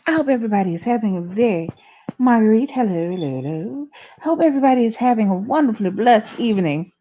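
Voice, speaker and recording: A woman's voice: fairly high pitch, animated, fast talker, mellow, highs cut off, a little hiss or hum. A woman co-hosting a casual livestream, half-whispering and chatting into a tiny clip-on mic. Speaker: livestream co-host. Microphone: small clip-on mic.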